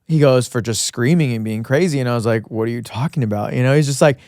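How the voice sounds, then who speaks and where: A man's voice: medium pitch, quick pace, darkish tone, no echo, clean studio sound. A young man co-hosting a podcast, telling a story in casual chat and acting out other people's lines. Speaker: podcast co-host.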